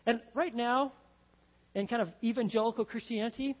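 A man preaching a sermon as pastor, animated and building to excited shouts. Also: very high voice, normal speed, long reverb tail, highs cut off. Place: church sanctuary.

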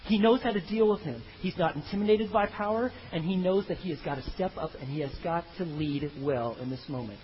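A man preaching a sermon, animated, acting out the story in voices of its figures. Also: on the high side, a little fast, few pauses, dull audio, a little hiss or hum. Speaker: pastor.

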